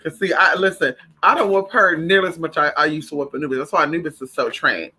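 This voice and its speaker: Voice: medium pitch, quick pace, slightly rough. A vlogger in a casual, profane rant to the camera, breaking off to call to their own dogs. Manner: animated, profane, talks to own dogs between remarks.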